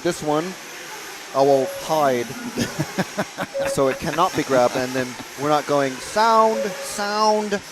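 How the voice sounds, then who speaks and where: A man's voice: medium pitch, slow, long pauses, noisy background. Easygoing American man co-commentating. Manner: easygoing, hesitant, laughs along. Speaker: race co-commentator. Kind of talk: casual live commentary. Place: indoor RC race track venue.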